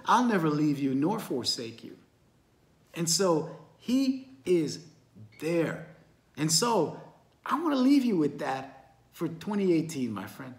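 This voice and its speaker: A man's voice: a little high, roomy sound. A man teaching a Bible study in an earnest, encouraging way, often calling his listeners friends.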